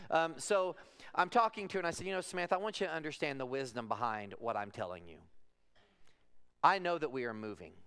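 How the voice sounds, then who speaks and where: Forties male pastor, smooth clear tone, mid pitch, chatty storytelling sermon that swings quiet to emphatic. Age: 40s. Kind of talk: sermon with personal stories. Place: church sanctuary.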